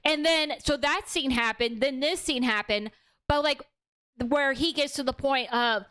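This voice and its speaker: A young woman hosts a casual livestream movie review, animated and outspoken, swearing freely while recounting the plot. Her voice sits high and her pace is moderate.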